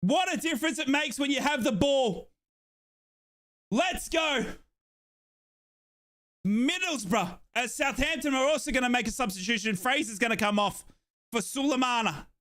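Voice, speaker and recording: A young man from Australia giving excited, breathless live commentary on a football match as a fan streamer, shouting and chanting along. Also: extremely high pitch, moderate pace, long pauses.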